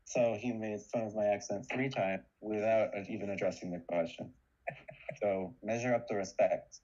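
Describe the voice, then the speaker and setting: A man in loose, joking banter, mock-formal and quick to swear. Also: fairly low pitch, steady tone, darkish tone, highs cut off.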